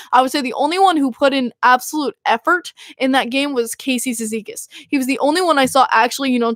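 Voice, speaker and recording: A young woman talks casually on her podcast, gushing with excitement and packing her sentences with fillers. Her voice sits a little high. The recording is dry and close, with no room sound. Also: no echo. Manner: gushing, excitable fan talk with many fillers. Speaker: podcast host. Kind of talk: casual chat.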